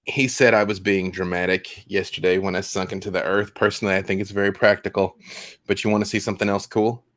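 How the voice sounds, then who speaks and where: A man with a somewhat low voice running a tabletop game as game master. He talks casually and rambles with plenty of fillers. The sound is dry and close. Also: little pitch movement, fast talker, a bit bright, no echo.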